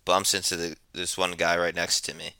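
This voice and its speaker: Laid-back low-voiced New man. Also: completely flat delivery, moderate pace, pushed and bright, smooth, no room sound. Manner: laid-back, rambling, profane. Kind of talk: casual storytelling. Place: New York.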